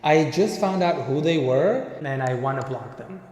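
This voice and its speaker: A man's voice: a little high, lively intonation, normal speed, darkish tone. A young man in casual commentary who gets heated and curses, then apologizes. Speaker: commentary youtuber.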